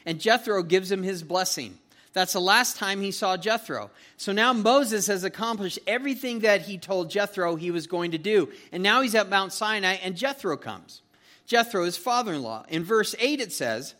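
A man preaching a casual, animated sermon, reading scripture and retelling the story with frequent restarts. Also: high-pitched, moderate pace. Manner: conversational, animated, with repeated restarts. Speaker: pastor. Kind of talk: expository Bible sermon.

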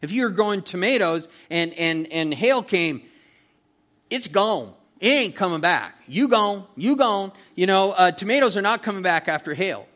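A man with a slightly raised pitch teaching a verse-by-verse sermon. He talks in a folksy, chatty way, full of fillers, and keeps checking in with his listeners. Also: expressive, moderate pace, a bit bright. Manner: folksy and chatty, asks "okay?" and "you know", with many fillers. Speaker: pastor teaching a Bible study.

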